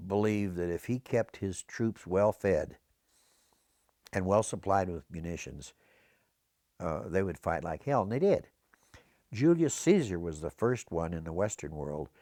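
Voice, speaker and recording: A man's voice: sits low, a little mellow, no room sound, studio quality. An older American man, a veteran, recalling his service in an oral history interview, wandering into historical tangents as he talks. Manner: rambling storyteller prone to historical tangents.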